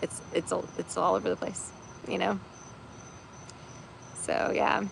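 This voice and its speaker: A woman's voice: fairly low pitch, flat delivery, measured pace, vocal fry, slight background noise, rough recording. A woman chatting casually on a livestream as a tarot reader host, rambling with many fillers and laughing easily. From United States.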